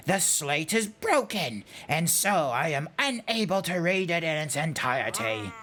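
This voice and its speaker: A weary old fish-man scholar, as a man puts him on, speaking in slow, formal, drawn-out phrases. The buck-toothed delivery gives his speech a stiff, pompous sound. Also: high voice, pushed and bright, heavily acted. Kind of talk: voicing game dialogue on a livestream.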